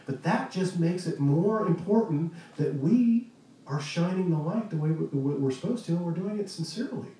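A man preaching a conversational sermon as pastor, earnest, with pauses and restarts. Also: a little high, animated, dark tone. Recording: echoey room, distant mic, faint noise.

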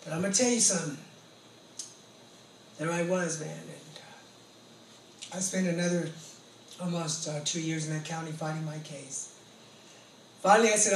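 High-voiced man telling his story. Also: moderate pace, pauses often. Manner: animated, acts out voices of others in his story. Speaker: guest sharing his testimony. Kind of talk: casual storytelling testimony. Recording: echoey room, mic at a distance, faint background noise.

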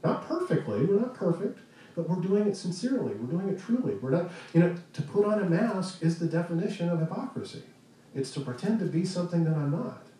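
Male pastor, mellow voice, earnest conversational sermon, recorded from afar in a roomy hall. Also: high-pitched, very animated. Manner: earnest, conversational preaching with pauses and restarts. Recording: echoey room, distant mic, faint noise.

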